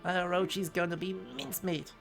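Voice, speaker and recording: A man's voice: high voice, fairly even intonation, fairly quick, vocal fry, fairly bright tone, soft background music. A man voicing a tiny, brash male sidekick with cocky, punchy delivery.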